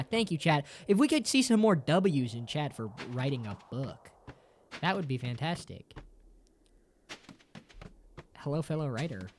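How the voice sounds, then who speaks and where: Casual livestream chat, jokey, swearing, says bro constantly, voice swinging high and low, medium pitch. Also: a little hiss or hum. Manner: swears often and ends sentences with "bro"; playful and jokey, with big jumps up and down in pitch. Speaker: streamer.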